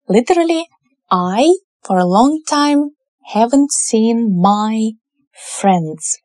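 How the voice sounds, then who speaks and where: A woman teaching a language lesson, explaining each word form slowly and patiently. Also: mid-range voice, lively intonation, a little mellow, dry recording.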